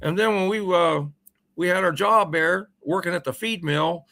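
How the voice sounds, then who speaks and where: A man's voice: sits high, normal speed, creaky, bright, forceful tone. A man in his sixties, a radio show guest, telling a long story in a rambling, folksy way full of uhs and ums. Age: 60s. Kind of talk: casual storytelling.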